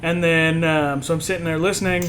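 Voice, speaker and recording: A man on a podcast, casually telling an animated story and acting out what others said. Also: fairly high pitch, brisk, a little hiss or hum, rough recording. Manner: animated storytelling, acts out quotes. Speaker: podcast co-host. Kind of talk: casual chat.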